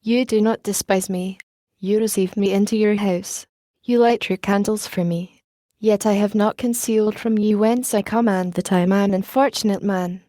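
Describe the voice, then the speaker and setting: A woman's voice: mid-range voice, fairly even intonation, normal speed, dark tone, dry recording, studio quality, natural voice. A woman reading the part of a weary, humble male ex-convict in an audiobook, eager and pleading. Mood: earnest.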